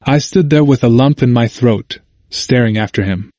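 Man, audiobook narrator, measured earnest reading, mid-pitched voice, dry close studio sound. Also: warm tone, no room sound.

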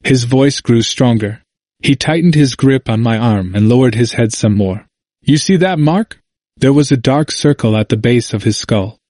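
A man narrating a first-person memoir in a measured, earnest audiobook reading, recorded on a close studio mic. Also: mid-range voice, a little mellow, no echo.

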